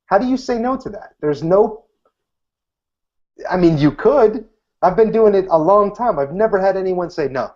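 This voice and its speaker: A man's voice: high voice, moderate pace. A man in his thirties, a guest magician, giving casual interview answers and acting out what he says to people in a lifted voice. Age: 30s. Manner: animated, acts out quoted lines in a lifted voice. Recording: dull lo-fi recording.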